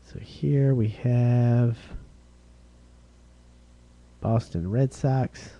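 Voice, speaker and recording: A man hosting a live-streamed card break, calling out each card and who gets it, getting excited over rare hits. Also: lowish voice, husky. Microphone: streaming setup.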